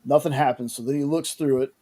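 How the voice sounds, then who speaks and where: A man's voice: medium pitch, fairly even intonation, quick pace, mellow. A man casually recapping a TV episode in a rambling way, with many restarts and fillers. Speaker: podcast host recapping a show.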